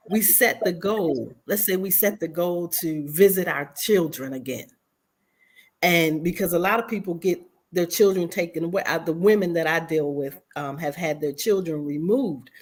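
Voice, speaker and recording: A woman guest speaker giving earnest, motivational answers on a radio talk show, often repeating words as she speaks. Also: fairly low pitch.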